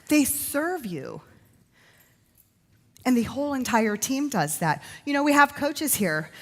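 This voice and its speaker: A woman's voice: a little high, a bit bright. A woman emceeing a live conference, effusive and talking straight to the crowd. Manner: bubbly, effusive, talks to the crowd. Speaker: event emcee. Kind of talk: live event hosting. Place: large conference hall. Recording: long hall reverb.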